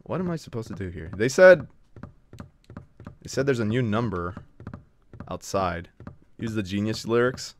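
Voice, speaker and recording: A man's voice: fairly low pitch, animated, normal speed, pauses often, a little hiss or hum. Brash, profane male game streamer. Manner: brash and profane, trash-talking chat. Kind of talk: casual live-stream commentary.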